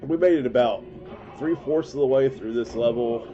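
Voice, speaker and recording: Man streaming a game, congested and coughing, relaxed chatty talk, dull lo-fi sound, music playing underneath. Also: medium pitch, moderate pace. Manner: relaxed, chatty, self-mocking jokes. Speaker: gaming streamer. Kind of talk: casual live-stream commentary.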